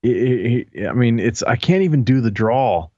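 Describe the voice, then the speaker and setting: A man co-hosting a live talk show in casual chat, halting and repeating words as he tells a story. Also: mid-range voice, lively intonation, dark tone, no room sound. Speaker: co-host. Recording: dull lo-fi mic sound.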